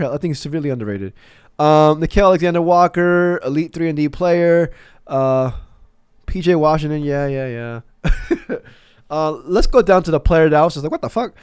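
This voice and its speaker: A man's voice: on the high side, animated, brisk, darkish tone, clear, resonant tone, dry recording, clean studio sound. A man giving casual, rambling commentary as a basketball fan, with stammering restarts and profane asides.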